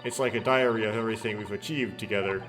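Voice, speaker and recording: A man's voice: fairly low pitch, fairly even intonation, fast, music in the background, natural voice. A man reading aloud as a devoted, earnest young woman who serves as a legal assistant in a game. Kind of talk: game dialogue read-aloud.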